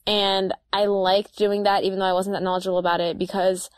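A young woman around twenty talks in easy, reflective casual chat, filling her sentences with "like". Her voice sits at an ordinary middle pitch. The sound is close and dry, with no room around it. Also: fairly quick, clear, resonant tone, no room sound. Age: young adult, about twenty. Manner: relaxed, thoughtful, many "like" fillers. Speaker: podcast co-host.

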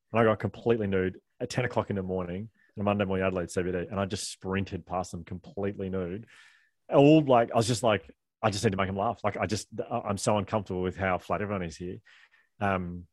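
Australian male guest, low-ish, fast talker, animated raconteur, dry recording. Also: dry recording. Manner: animated, laughing storyteller with fast rambling delivery. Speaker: author and guest. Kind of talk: casual storytelling interview.

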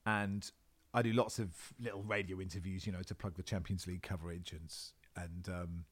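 A deep-voiced football presenter living in Australia talks a little fast in a casual at-home interview. His animated, rambling speech is full of fillers and restarts.

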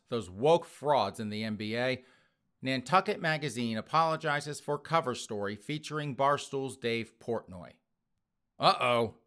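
A man's voice: mid-range voice, fairly bright tone. A man hosting an opinionated news commentary show, talking in a sarcastic, mocking way and laughing scornfully.

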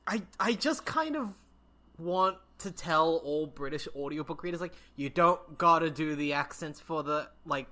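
A bright, sharp-toned speaker co-hosting a casual podcast, with mid-range pitch. A teacher by day, they make their points with emphatic, pleading asides. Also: expressive, a little slow. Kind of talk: casual book-club chat.

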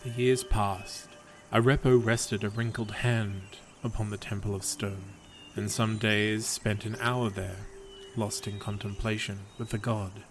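A man narrating a story in a calm, solemn, measured reading. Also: fairly low pitch, a little hiss or hum.

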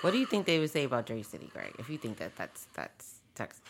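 A woman's voice: rumbling low, wildly swooping pitch, quick pace, background noise. A woman co-hosting a podcast, playful and laughing often as she steers the casual chat. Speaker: podcast co-host.

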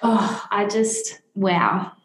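A woman's voice: medium pitch, fairly even intonation, drawn-out words. A woman hosting a podcast, reflecting hesitantly on her guest's story. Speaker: podcast host. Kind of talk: casual interview chat. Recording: echoey room.

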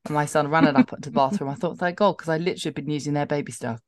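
A middle-aged woman co-hosting a casual chat, animated and laughing as she tells stories. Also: sits low, rapid-fire, dry recording. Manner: chatty, laughing, animated storytelling. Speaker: podcast co-host.

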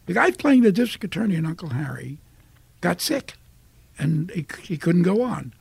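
An older man from Brooklyn with a New York accent, a guest telling animated stories in a casual interview. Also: high voice, normal speed, vocal fry, husky, no echo. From Brooklyn, United States. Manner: animated storyteller acting out voices.

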